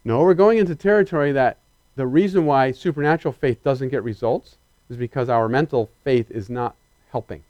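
A male preacher delivering a sermon, animated and emphatic, questioning his congregation directly and swinging between loud excitement and quiet earnestness. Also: medium pitch, a little fast, no room sound, highs cut off.

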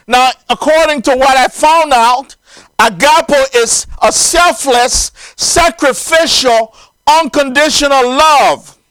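Guy preaching a sermon, really high voice, slow and earnest, dry sound. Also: pushed and bright, no echo, poor audio. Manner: earnest, emphatic, stresses single words.

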